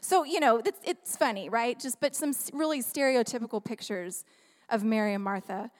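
A high-voiced woman preaches with animated, playful humor, tossing questions to her listeners. She speaks into a handheld mic. Her words trail in the long reverb of a large church hall. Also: normal speed. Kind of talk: sermon. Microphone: handheld microphone.

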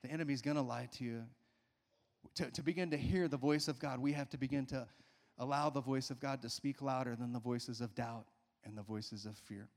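A man's voice: mid-range voice, steady tone, brisk, a little mellow. Emphatic male pastor preaching in a reverberant hall. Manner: emphatic preaching with call-outs to the congregation. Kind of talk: sermon.

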